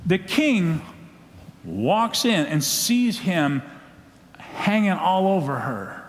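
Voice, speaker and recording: A man with a Southern accent preaching a sermon, telling a story in an animated way and acting out the scenes. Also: a little high, measured pace. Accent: Southern American. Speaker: pastor. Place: church sanctuary. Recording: long church hall echo.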